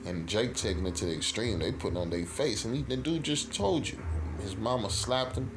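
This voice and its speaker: Deep-voiced profane street preacher man. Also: fairly quick, over music. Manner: profane, rhetorical, keeps asking "right?". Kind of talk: scripture teaching with commentary.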